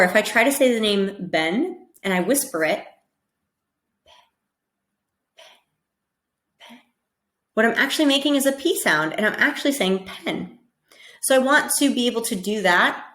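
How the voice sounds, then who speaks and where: A woman with an American accent teaching pronunciation, demonstrating sounds slowly and checking in with listeners. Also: medium pitch, fairly bright tone, reverberant. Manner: patient, repeats sounds slowly and checks in with "okay?". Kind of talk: instructional lesson.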